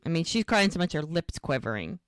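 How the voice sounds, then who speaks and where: A deep, brisk, smooth female voice with no echo. She co-hosts a podcast, recapping a TV episode in casual conversation and acting out each scene as an animated storyteller.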